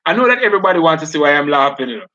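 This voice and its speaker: Guy teaching an online class, kinda high bright voice, chatty, calls on students, dull lo-fi sound. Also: sing-song, rapid-fire. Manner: chatty, addresses students by name, laughs often. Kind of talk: live online class lecture.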